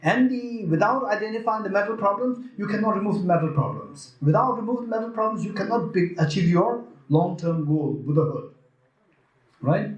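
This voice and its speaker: A man's voice: high-pitched, a little fast, dull audio. A man with a Tibetan accent giving a Buddhist teaching at a retreat, questioning the audience and acting out what other people might say. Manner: lively, questions the audience, acts out quoted voices. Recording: echoey room.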